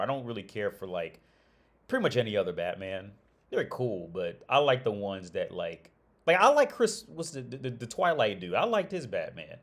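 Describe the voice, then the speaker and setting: A man hosting a casual livestream chat, rambling and profane, with lots of restarts and frequent laughter. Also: fairly low pitch. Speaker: livestream host.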